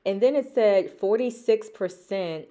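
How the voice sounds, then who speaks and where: A woman's voice: medium pitch, measured pace, dark tone. A woman vlogging in a casual, chatty way, talking straight to her viewers as y'all. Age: adult with children. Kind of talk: casual chat to camera.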